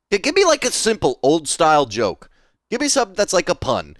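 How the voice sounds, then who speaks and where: High, animated man streaming live. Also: brisk, no room sound. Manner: incredulous, laughs often, repeats himself, crude. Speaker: streamer host. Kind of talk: casual live-stream chat.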